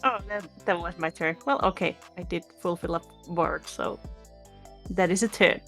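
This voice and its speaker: A woman's voice: lowish voice, normal speed, fairly bright tone, soft background music. A woman chatting casually as a guest in an online board game, laughing between words and restarting her sentences, on a home microphone over a video call. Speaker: guest player. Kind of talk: casual chat while playing online.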